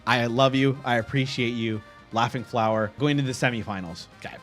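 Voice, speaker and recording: A young man hosting a casual stream, reacting with excitable laughter and animated commentary. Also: mid-range voice, brisk, soft background music. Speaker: streamer host.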